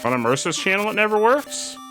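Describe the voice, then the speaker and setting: A man's voice: high-pitched, big pitch swings, brisk, sharp tone, soft background music. A man streaming a game, chatting casually and explaining things to viewers, often repeating himself. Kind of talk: casual live-stream chat while gaming.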